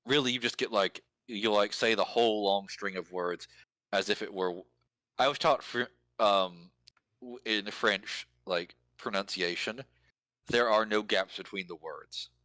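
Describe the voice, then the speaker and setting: Deep-voiced man explaining things at length. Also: measured pace, pushed and bright, dry recording, rough recording. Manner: explains at length, thinks aloud with fillers. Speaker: lyric and language helper. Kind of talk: casual explanatory chat.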